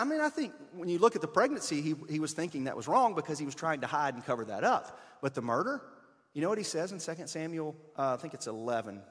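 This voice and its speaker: A man preaching a conversational sermon, switching between emphatic bursts and hushed asides. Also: a little high, long reverb tail. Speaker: pastor.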